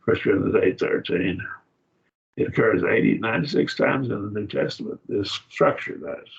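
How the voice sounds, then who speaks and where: A man teaching a Bible study class in a casual lecture, talking in halting phrases and repeating words as he explains. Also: lowish voice. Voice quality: gravelly and husky. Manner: halting, repeats words, uses fillers and "see?". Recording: dull lo-fi classroom recording.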